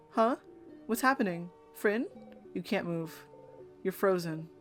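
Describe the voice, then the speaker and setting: Woman reading game text aloud, soft music behind. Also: medium pitch, expressive, measured pace, pauses often. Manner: reads dialogue expressively, reacting between lines. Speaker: streamer.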